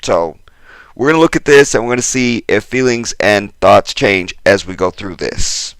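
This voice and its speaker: A man giving a casual commentary to his viewers, exasperated and chatty, jumping between loud emphasis and muttered asides. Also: lowish voice, animated, normal speed, clear, resonant tone, dry recording. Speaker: YouTube commentator.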